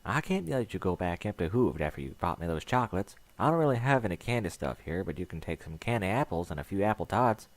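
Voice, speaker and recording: A man's voice: sits low, big pitch swings, fast talker, few pauses, no echo. A man voicing a kind, frank young female farm pony with a folksy drawl. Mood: earnest.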